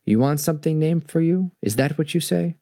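A man's voice: a little high, a little fast, no room sound, clean studio sound, pitched above the performer's own voice, close to an everyday voice. A man voicing a big, proud male tiger who plans a trick, reading aloud from a storybook. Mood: scheming. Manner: read-aloud storybook voice, lively.

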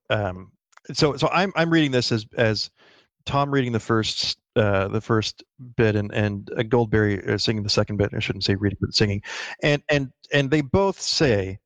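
A man co-hosting a casual literary discussion, explaining his points earnestly with quick restarts. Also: mid-range voice, dry recording. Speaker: podcast co-host.

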